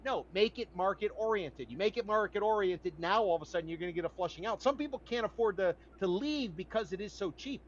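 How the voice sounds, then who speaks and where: A man's voice: sits high, animated, quick pace, hardly any pauses, highs cut off. A man hosting a podcast, arguing in a blunt, emphatic and folksy way in casual debate. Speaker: podcast host.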